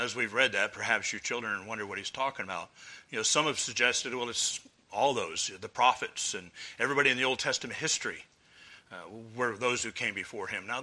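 A man preaching a sermon from the pulpit, his voice very bright and forceful. He speaks at a measured pace and leans hard into key phrases, pausing between clauses and sometimes restarting a word. His pitch sits in the middle range for a man. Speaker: pastor. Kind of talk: expository sermon.

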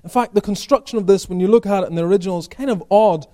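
A pastor preaching a sermon, asking rhetorical questions and answering them, swinging from emphatic peaks to quiet asides. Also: male voice, high-pitched, rapid-fire.

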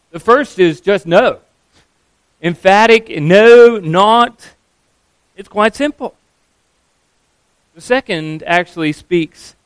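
A man preaching a sermon as a pastor, earnest and emphatic, slowing down on key phrases. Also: high voice, no echo, low-quality recording.

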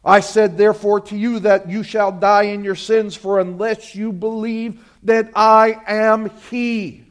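A man preaching a sermon, swinging between loud emphatic appeals and quiet, dropped phrases, and urging his listeners directly. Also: sits high, level tone, measured pace, hardly any pauses, smooth. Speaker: pastor.

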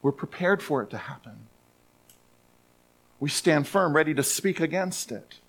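A man's voice: on the high side, expressive, measured pace, creaky, fairly bright tone. Earnest male pastor preaching. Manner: earnest, repeats words for emphasis. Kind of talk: sermon. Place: church sanctuary.

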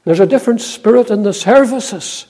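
An older man preaching a sermon in a church, earnest and unhurried, with frequent hesitant pauses. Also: high-pitched, darkish tone. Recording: long reverb in a large hall.

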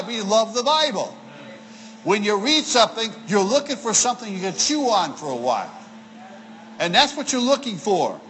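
A man preaches in a folksy, playful way, his pitch leaping around as he acts out little examples. His voice sits high and bright. A faint background hiss runs under the recording. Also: very animated, normal speed, poor audio. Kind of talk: sermon to children and families.

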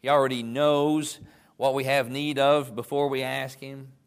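A man's voice: mid-range voice, level tone, measured pace, smooth. A man, a pastor, preaching a sermon in a conversational way, stopping and restarting as he goes and reading scripture aloud.

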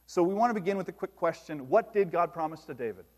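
A man preaching a sermon, reading scripture aloud with slow emphasis and then explaining it to his congregation. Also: fairly high pitch, expressive, long reverb tail. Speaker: pastor.

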